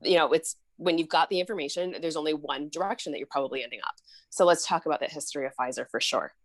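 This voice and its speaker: A woman's voice: sits low, fast, no echo. A woman hosting a podcast interview, from Michigan, chatty and affirming. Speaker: podcast host.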